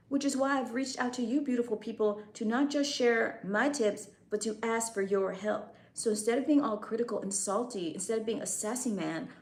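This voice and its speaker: A woman hosting a casual live stream, chatting and teasing her viewers. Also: a little high. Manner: teasing, chatty, drops into a soft breathy near-whisper. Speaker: livestream host. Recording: echoey room.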